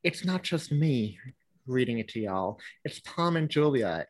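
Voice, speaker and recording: Upbeat chatty podcast host, dry sound. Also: male voice, mid-range voice, a bit bright, no echo. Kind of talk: casual chat.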